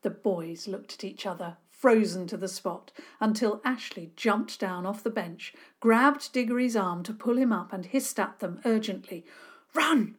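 Expressive woman reading a children's story. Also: medium pitch, normal speed, few pauses, husky. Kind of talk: scripted children's story narration.

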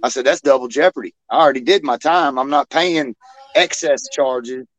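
A man telling a wry, deadpan story in a casual podcast chat. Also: mid-range voice, moderate pace, no room sound, rough recording.

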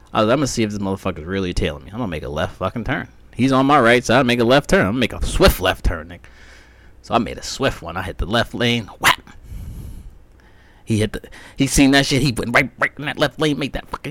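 A man's voice: lowish voice, dry recording. A man telling a story from his own life in a loose, profane monologue, acting out both sides of each exchange. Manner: profane, animated, acts out both sides of the talk. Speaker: podcast host.

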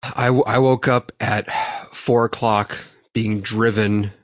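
A man co-hosting a podcast, swearing freely as he tells a lively story to his friends. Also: fairly low pitch, takes it slowly, no echo, clean studio sound. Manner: profane, animated storytelling. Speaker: podcast co-host. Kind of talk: casual storytelling among friends.

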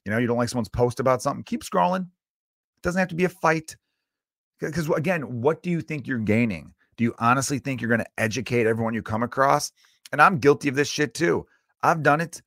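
A man's voice: mid-range voice, a little fast, a bit bright, no echo, clean studio sound. A man hosting a solo podcast, ranting in a loose, profane, exasperated way with lots of fillers. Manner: loose, rambling with many fillers. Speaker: podcast host.

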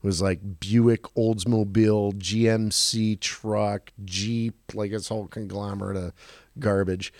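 Gravelly-voiced man telling animated stories. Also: unhurried, dry recording, clean studio sound. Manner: animated storyteller, many restarts, acts out quotes in a higher voice. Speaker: car dealership guest. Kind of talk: podcast storytelling.

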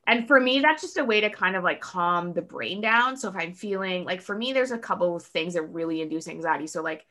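A woman chatting as a podcast guest, talking in a loose, fast way with many "like" fillers and acting out quotes in lively voices. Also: lowish voice. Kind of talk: casual podcast conversation.

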